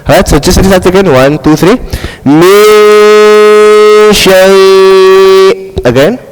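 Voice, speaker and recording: A man with a South African accent teaching a class on Quran recitation rules, checking in with his students constantly and modelling words slowly. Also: a little high, big-room sound, low-quality recording. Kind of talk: classroom tajweed lesson.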